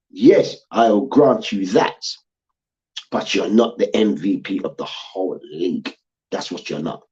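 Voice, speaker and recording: A man's voice: medium pitch, dark tone, dull audio. A man hosting a heated sports debate show, ranting and swearing, repeating his points and mocking people with chants.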